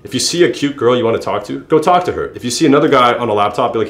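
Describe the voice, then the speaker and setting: A man's voice: racing, echoey room. A young man giving blunt life advice to the camera, swearing and calling the listener bro. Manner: brash, swearing, calls listener "bro", lively pitch jumps. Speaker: YouTuber giving self-improvement advice. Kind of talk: casual direct-to-camera advice monologue.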